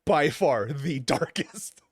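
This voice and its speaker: A man in casual podcast chat, telling a video game story with lively swings in his voice. He slips into the characters' lines and laughs often. The sound is dry and close. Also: on the high side, slow, breathy edge, no echo. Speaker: podcast co-host.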